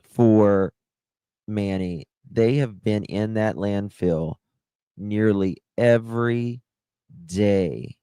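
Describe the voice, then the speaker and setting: Slow, low-voiced impassioned male streamer. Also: mellow, smooth, no echo. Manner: impassioned and indignant, stretching words slowly; reads out and thanks chat viewers. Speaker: livestream host. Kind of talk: emotional live-stream commentary.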